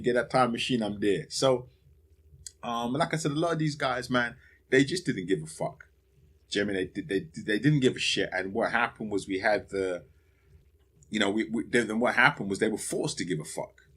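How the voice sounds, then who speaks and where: A man's voice: fairly low pitch, a bit bright, husky. A man hosting a podcast, rambling and profane in a casual solo monologue, laughing often. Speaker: podcast host.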